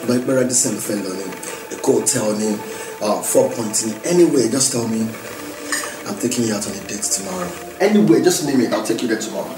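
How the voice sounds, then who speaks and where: A man's voice: medium pitch, animated, fast talker, over music, close to an everyday voice. A man with a Yoruba Nigerian accent acting a remorseful husband who begs his wife's forgiveness, switching between Yoruba and English. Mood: coaxing. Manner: pleading, apologetic, mixing Yoruba and English. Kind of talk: Nollywood film acting. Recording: echoey room, distant mic, background noise.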